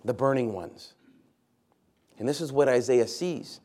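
A pastor preaches to his church in a mid-pitched male voice. He leans on key words and repeats them for emphasis. He keeps asking the congregation questions as he goes. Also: measured pace, dark tone. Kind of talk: sermon.

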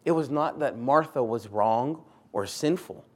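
A man's voice: mid-range voice, a little slow, a little mellow. Earnest, conversational male preacher. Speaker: pastor. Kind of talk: sermon.

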